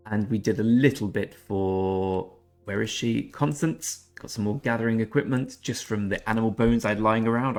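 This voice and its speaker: Low-voiced man chatting over gameplay. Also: a little mellow. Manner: chatty, self-deprecating. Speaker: gaming channel host. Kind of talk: gameplay commentary.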